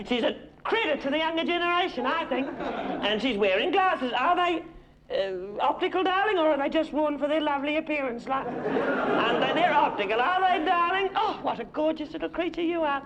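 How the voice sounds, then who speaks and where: In a live stage comedy act, a man plays a gushing, condescending middle-aged Australian housewife superstar, swapping backhanded compliments with the audience. His voice is extremely high and expressive at a moderate pace, and the live theatre recording is full of loud crowd noise.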